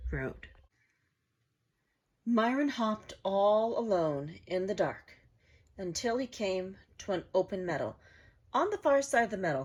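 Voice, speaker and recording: A woman who hosts a craft channel, reading a storybook aloud in an expressive, unhurried way. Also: on the low side, husky, low-quality recording. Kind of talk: storybook narration.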